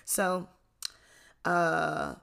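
A young adult vlogger recounting a story in a loose, casual storytime. The voice has a gravelly, fried edge and a middling pitch. The talk is loose and full of fillers, laughs and casual swearing. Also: flat delivery, extremely slow, pushed and bright. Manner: chatty, lots of fillers, frequent laughs and swearing.

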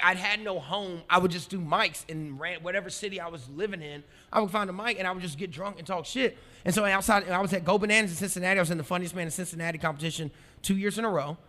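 A man in his thirties, a stand-up comedian, telling his story in a casual, animated, profane way, swinging between loud and quiet. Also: high voice. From American.

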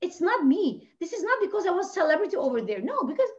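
A woman from Lebanon, a podcast guest telling her personal story with passion, swinging between hushed and near-shouting. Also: extremely high pitch, very animated, fast. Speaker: podcast guest, life coach. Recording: dull lo-fi audio.

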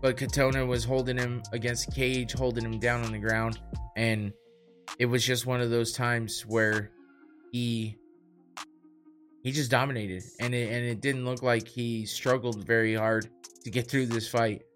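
A man's voice: medium pitch, level tone, unhurried, a bit bright. A man hosts a casual combat-sports podcast and rambles through the news. He swears freely and laughs at the people he talks about. Faint music sits under his voice. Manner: profane, laughing, mocking. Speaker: podcast host.

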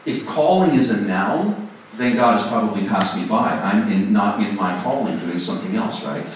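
A man's voice: on the low side, moderate pace, slight background noise. A man giving a casual, self-deprecating songwriting talk to a group, recorded from a distance in a large room. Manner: conversational, self-deprecating, acts out inner voices. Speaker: songwriting workshop speaker. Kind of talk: informal teaching talk to a group. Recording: distant mic in a very echoey room.

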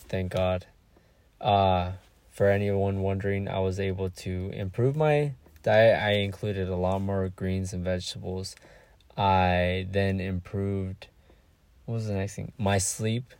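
A man's voice: on the low side, vocal fry, darkish tone, dry recording. A young man hosting a casual solo podcast, talking candidly and rambling, searching for words and swearing freely. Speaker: podcast host.

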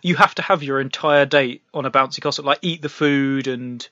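A man's voice: mid-range voice, fairly quick, sharp tone, no echo. A man co-hosting a comedy podcast, upbeat and building on ideas. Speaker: podcast co-host. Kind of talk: casual comedic brainstorming chat. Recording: dry, muffled lo-fi podcast audio.

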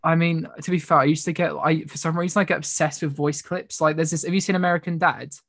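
A woman's voice: low-pitched, fairly even intonation, fast talker, dry recording, clean studio sound. A young woman hosting a podcast, telling rambling, giggly stories in casual chat. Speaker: podcast host.

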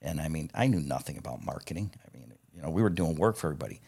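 A man's voice: a bass voice, lively intonation, very fast, vocal fry, dark tone, husky. A middle-aged man telling stories in a casual interview, blunt and profane, often laughing as he talks. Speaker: guest, parts company founder.

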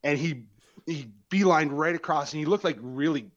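A man's voice: on the high side, moderate pace. Laid-back man on a dull line. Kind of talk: casual chat.

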